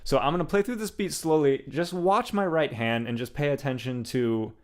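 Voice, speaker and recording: A young man teaching a drum beat in a casual, relaxed way, explaining hi-hat accents with enthusiasm and frequent fillers. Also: a little high, normal speed. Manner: relaxed, enthusiastic, uses "like" and "um" often.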